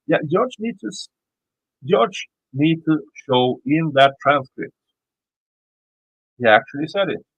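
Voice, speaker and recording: A man's voice: a little high, lively intonation, slow, long pauses, a bit bright, poor audio. A man with a Swedish accent reading a legal motion aloud and commenting on it, often stumbling and repeating words as he reads. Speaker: YouTube commentator.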